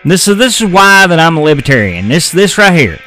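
A man's voice: on the high side, sing-song, a little fast, sharp tone, faint music behind, rough recording. An American man hosting his own podcast in a blunt, folksy way, swearing casually as he rants about news and sports. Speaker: podcast host. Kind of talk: casual political podcast rant.

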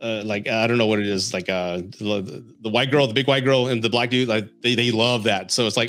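A man's voice: fairly low pitch, fairly quick, hardly any pauses, fairly bright tone, soft background music. A man from San Antonio hosting a podcast, telling dating stories and giving advice in a casual way, chuckling often as he talks. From San Antonio, Texas, US. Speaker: podcast host.

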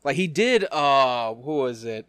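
A man's voice: medium pitch, animated, a little slow, a bit bright, smooth, dry recording, studio quality. A man co-hosting a podcast in casual chat, stammering and laughing often. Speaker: podcast co-host.

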